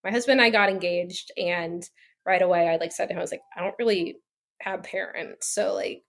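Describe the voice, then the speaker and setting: A woman's voice: fairly low pitch, steady tone, fairly quick, gravelly, a bit bright. A woman in her thirties telling her story as a podcast guest, chatty and filler-heavy, often laughing as she talks. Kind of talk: casual storytelling interview.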